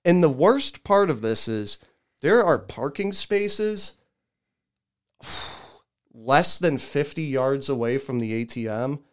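Male podcast co-host, smooth resonant voice, vents and mimics others in casual banter. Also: medium pitch, slow pace. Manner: animated ranting storyteller, mimics people in loud raised voices. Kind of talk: casual chat.

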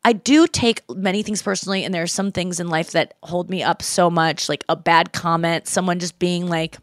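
A woman in her thirties hosting a podcast, telling stories in a casual, animated way and quoting people in her own voice. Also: lowish voice, moderate pace, dry recording, studio quality. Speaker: podcast host. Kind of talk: casual chat.

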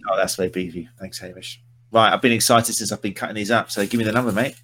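A man's voice: lowish voice, steady tone, quick pace, fairly bright tone, slight background noise. A man hosting a casual live-stream chat, teasing and rambling with his guest. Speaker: podcast host.

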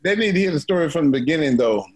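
A man's voice: fairly high pitch, expressive, rapid-fire, slightly rough. A man chatting as a podcast guest, plainspoken, laughing and repeating his words. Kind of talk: casual chat.

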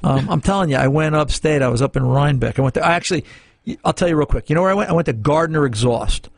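A man's voice: on the high side, quick pace, creaky, no room sound. A middle-aged man hosting a radio car-repair show, talking casually and rambling with fillers and restarts.

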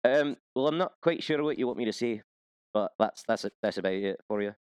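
A man's voice: on the low side, lively intonation, fairly quick, smooth, dry recording. A man co-hosting a podcast, telling stories in casual chat, rambling with plenty of filler words. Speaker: podcast co-host.

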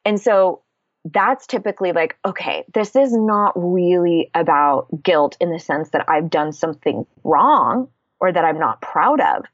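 A woman's voice: lowish voice, animated, measured pace, no room sound, lo-fi sound. A woman speaking candidly in a casual podcast conversation, explaining ideas and swearing freely.

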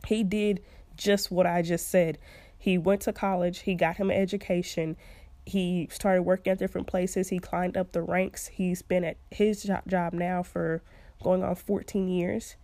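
A woman's voice: fairly low pitch, little pitch movement, unhurried, mellow, no room sound. A young woman hosting a podcast, giving casual advice in a chatty way and laughing often. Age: young adult. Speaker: podcast host.

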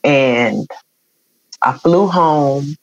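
A woman's voice: sits low, drawn-out words, dry recording, muffled recording. A middle-aged woman, earnestly telling an emotional personal story as an interview guest. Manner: emotional, earnest, acts out quoted voices.

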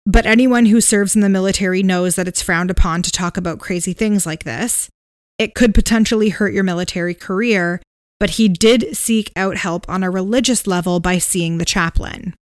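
A woman's voice: mid-range voice, normal speed, clean tone, dry recording, studio quality. A woman co-hosting a podcast, casually retelling a ghost story with "um"s and "like"s. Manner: relaxed retelling with fillers and hedges. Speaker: podcast co-host.

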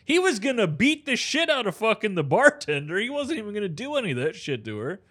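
A man's voice: high-pitched, very animated, fairly bright tone, husky. A man in casual chat about a movie, profane and emphatic, backing up his friend's points. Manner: profane, emphatic, quick to agree.

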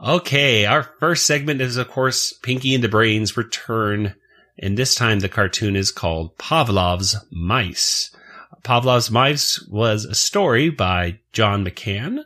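A man's voice: fairly low pitch, slow pace, pushed and bright. A man hosting a cartoon podcast, chatting casually and laughing often. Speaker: podcast host. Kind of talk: casual chat.

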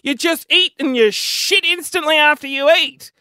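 A man voicing a blunt, mocking young woman friend, pitched well above his own voice. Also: moderate pace, bright, forceful tone, no room sound. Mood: exasperated.

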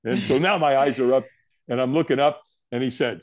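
A man's voice: brisk, dry recording, studio quality. A middle-aged man, a guest in an interview, telling a story and acting out what people said to him. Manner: animated, acts out quotes with big pitch jumps.

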